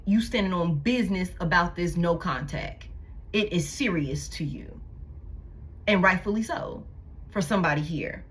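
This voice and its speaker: Husky, blunt tarot-reading woman. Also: fairly low pitch. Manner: blunt, profane, emphatic and repetitive. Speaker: tarot reader. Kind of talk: casual tarot reading to camera.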